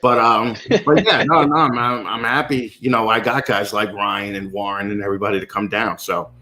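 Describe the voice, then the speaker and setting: Appearing as a podcast guest over a video call, this New York-accented man talks fairly quickly in a lowish, steady voice that still sounds bright and forceful. The casual conversation wanders, he swears freely, and he keeps poking fun at himself.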